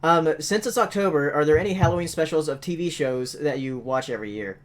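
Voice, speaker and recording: A man's voice: fairly high pitch, fairly quick. A man co-hosting a casual podcast, reading viewer questions in an upbeat way.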